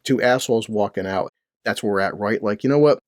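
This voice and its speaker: This profane news rant comes from a middle-aged man running his own channel out of a home basement near a boiler, packed with rhetorical questions and curses. His voice is lowish and brisk, captured cleanly with studio sound and no room echo.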